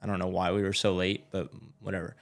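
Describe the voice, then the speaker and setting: Young american guy, low voice, swears a lot and acts out the quotes, podcast story. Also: level tone, fast, gravelly. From United States. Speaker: podcast guest, motorcycle racer. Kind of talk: casual storytelling.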